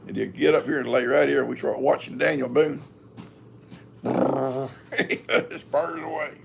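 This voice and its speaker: Older guy rambling slow and folksy, real gravelly voice, bit of hiss behind. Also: mid-range voice, fairly even intonation. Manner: rambling and folksy, talks to his cats. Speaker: live-stream host. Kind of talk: casual chat.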